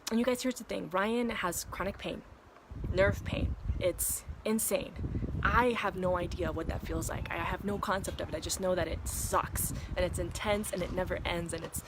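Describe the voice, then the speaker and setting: A woman's voice: lowish voice, fairly even intonation, moderate pace. Candid mother vlogging in a noisy cabin. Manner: candid, rambling, swears freely, talks to viewers and her kids in between. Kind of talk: casual confessional vlog. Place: vacation cabin in the mountains.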